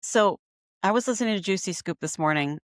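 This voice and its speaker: A woman's voice: mid-range voice, expressive, brisk, no room sound, clean studio sound. A woman co-hosting a casual gossip podcast, reacting with emphatic exasperation.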